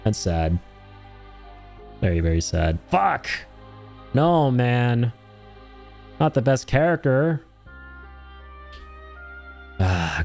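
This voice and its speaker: A man streaming a game, giving casual, slangy, excitable commentary full of swearing. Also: low-pitched.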